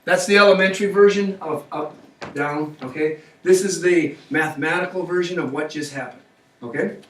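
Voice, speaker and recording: A man's voice: fairly high pitch, moderate pace, slight background noise. A man teaching a math class, coaxing students along with frequent check-in questions. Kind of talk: classroom lecture. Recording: echoey classroom, mic far off.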